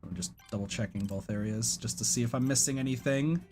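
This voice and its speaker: A man's voice: mid-range voice, quick pace, a little mellow, soft background music. A man streaming a video game, talking casually and hesitantly as he plays. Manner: rambling, hesitant. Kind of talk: casual gameplay commentary.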